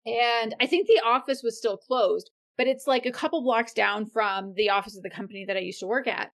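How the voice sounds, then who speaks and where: A woman chatting on a podcast in an easygoing, casual way. Her voice sits a little high, and she drops in quick, relaxed replies. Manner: easygoing, quick backchannel responses. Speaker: podcast co-host. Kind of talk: casual chat.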